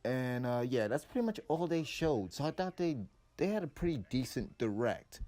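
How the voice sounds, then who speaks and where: A man's voice: mid-range voice, sing-song, normal speed, dark tone, no echo. Rambling, blunt man with a dry close sound. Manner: rambling, blunt, often restarts sentences. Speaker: video game commentator. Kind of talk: casual opinion commentary.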